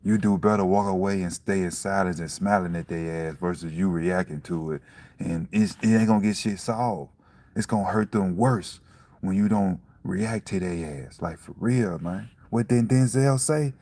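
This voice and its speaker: Deep gravelly man preaching casually. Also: normal speed, warm tone, dry recording. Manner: preachy, profane, repeats himself. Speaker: vlogger. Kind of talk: casual motivational talk.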